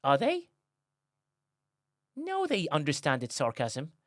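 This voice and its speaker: A man's voice: a little high, wildly swooping pitch, slow pace, dry recording, clean studio sound. A man hosting a casual live stream, joking sarcastically and reading out viewer comments. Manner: joking, sarcastic, reads chat aloud. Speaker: streamer host.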